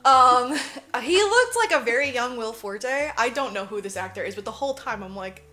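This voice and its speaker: A woman's voice: a little high, lively intonation, moderate pace, bright, forceful tone. A woman co-hosting a movie podcast, casually retelling a film with lots of laughs, swearing and acted-out lines. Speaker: podcast co-host. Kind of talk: casual movie recap chat.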